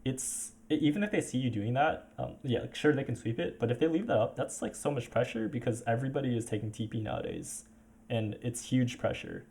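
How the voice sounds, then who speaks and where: A man's voice: medium pitch, a little fast, a little mellow. A man coaching a player over a voice call, talking casually with many fillers and restarts.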